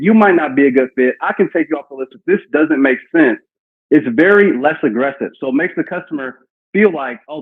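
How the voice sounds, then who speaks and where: Coaching a team on cold-call lines in a live sales training session, this man acts out example phone talk in a husky, mid-range voice. It sounds tinny and phone-like.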